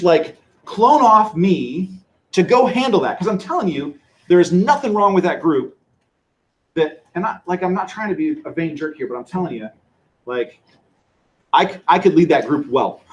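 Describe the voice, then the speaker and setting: A man giving a church teaching lecture in a conversational, animated way, acting out the quotes he tells. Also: on the high side. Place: lecture room with a live audience. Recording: echoey room.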